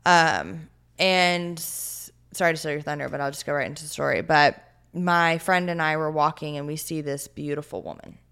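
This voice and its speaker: A woman's voice: sits low, moderate pace, a bit bright, clear, resonant tone. A woman in her twenties tells a story in a casual interview, earnest and heartfelt, with many "like" and "you know" fillers. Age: 20s. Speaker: podcast guest.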